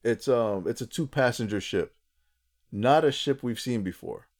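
A man co-hosting a podcast, recapping a cartoon episode in a casual, animated way, with quick asides and easy laughter. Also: medium pitch. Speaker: podcast co-host.

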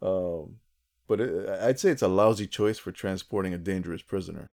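A man co-hosting a podcast, recapping a cartoon episode in a casual, animated way, with quick asides and easy laughter. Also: low-pitched, creaky. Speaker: podcast co-host.

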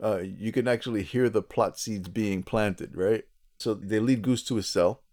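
A man with a fairly low voice hosts a relaxed podcast, walking through a cartoon episode scene by scene. He tells it in an animated, chatty way, full of asides. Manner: animated storyteller, quick asides, frequent laughter. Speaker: podcast co-host. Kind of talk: casual chat recapping a cartoon episode.

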